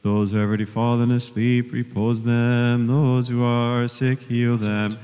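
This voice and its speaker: Priest, man, solemn liturgical prayer, monotone, very clear voice, long church reverb. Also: medium pitch, measured pace. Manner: solemn, steady intoning. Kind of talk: liturgical prayer, recited and chanted.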